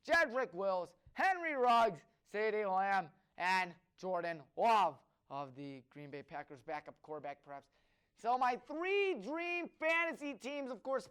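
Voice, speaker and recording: Man, sports talk host, high voice, smooth and clear, eager, rattles off lists. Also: fairly bright tone. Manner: enthusiastic, rattles off lists of names with fillers. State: out of breath. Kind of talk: solo sports talk on community TV.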